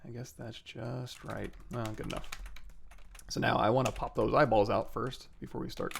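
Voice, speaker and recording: A man's voice: mid-range voice, moderate pace, gravelly, a little hiss or hum. A man hosting a 3D sculpting livestream, talking casually through each step as he works and correcting himself as he goes. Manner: relaxed, talks through steps while working, self-corrects. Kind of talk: casual software tutorial narration.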